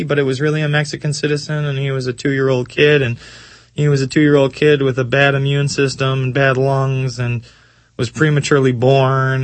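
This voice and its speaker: A man hosting a talk radio show, ranting sarcastically about the news and mocking it, slowing down to stress points and then rushing on. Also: medium pitch, no room sound. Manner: sarcastic, mocking, swings between slow emphasis and quick rants. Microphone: studio microphone.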